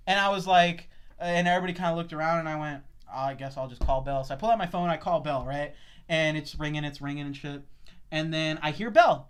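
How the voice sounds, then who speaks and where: A man's voice: on the high side, quick pace, fairly bright tone, smooth. A young man hosting a podcast, chatting casually and telling a story, swearing freely and acting out the voices of people he quotes. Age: young adult. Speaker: podcast host.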